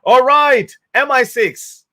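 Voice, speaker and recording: A man voicing a pompous, eager police officer who calls out loudly to rally agencies. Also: very high voice, slow, voice pushed up, exaggerated voice. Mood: mock pompous. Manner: loud, exaggerated, rallying.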